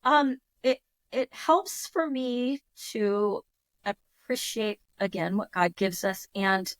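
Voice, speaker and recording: A woman in her fifties, a podcast guest telling a story in a lively, emotional way, with frequent restarts. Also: mid-range voice, slow, no echo. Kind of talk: casual storytelling.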